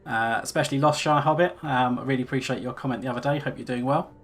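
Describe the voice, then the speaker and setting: A man streams a game and chats casually in relaxed, rambling let's-play commentary full of fillers, reading quest text aloud. His voice is mid-range and fast.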